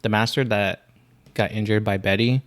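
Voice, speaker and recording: Low-voiced man chatting about a movie. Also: steady tone, moderate pace, no room sound, studio quality. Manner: chuckling, fills in plot details with false starts. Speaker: podcast co-host. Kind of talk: casual movie recap chat.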